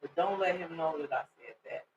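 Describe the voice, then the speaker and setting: A woman's voice: low-pitched, fairly quick, highs cut off, slight background noise. A middle-aged woman co-hosting a podcast, joking with conspiratorial asides in casual chat. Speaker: podcast co-host.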